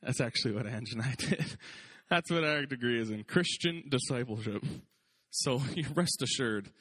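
A man preaching a sermon as pastor, lively and conversational, joking and acting out quotes. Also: medium pitch, normal speed.

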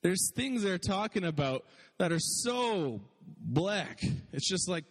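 A man's voice: sits high, sing-song, takes it slowly, big-room sound. A man preaching a sermon in a casual, chatty way, often laughing and saying "like". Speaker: pastor.

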